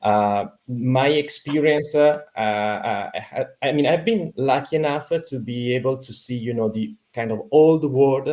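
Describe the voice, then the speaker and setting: Italian guy on a podcast, lots of uhs and restarts, lowish voice. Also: unhurried, hardly any pauses, darkish tone. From Italy. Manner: hesitant, many fillers and restarts. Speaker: podcast guest. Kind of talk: conversational interview.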